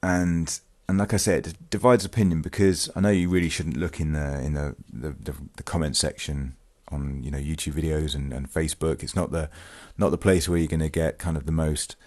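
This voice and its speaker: Very deep-voiced man musing hesitantly. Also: fairly even intonation, fairly quick, few pauses, a little mellow. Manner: hesitant, many ums and restarts; reads news excerpts aloud. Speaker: vlogger, channel host. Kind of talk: casual true-crime commentary.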